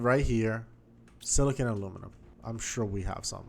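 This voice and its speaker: A man's voice: lowish voice, normal speed, gravelly, darkish tone, breathy edge. A man giving casual gameplay commentary, chatty and thinking aloud as he explores, with faint game music behind him. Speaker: gaming YouTuber.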